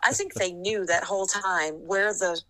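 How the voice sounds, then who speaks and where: A woman's voice: mid-range voice, steady tone, normal speed, a bit bright, low-quality recording. A woman basketball referee telling a funny story from a game in a casual way, laughing often.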